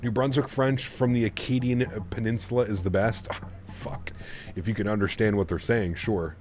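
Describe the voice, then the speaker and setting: A low-voiced man chats loosely on a live stream, drifting between topics and reading viewer messages out loud. Soft music plays faintly behind him. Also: steady tone, moderate pace. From Canada. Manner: rambling, reads chat messages aloud. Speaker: flight sim streamer. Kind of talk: casual live-stream chat.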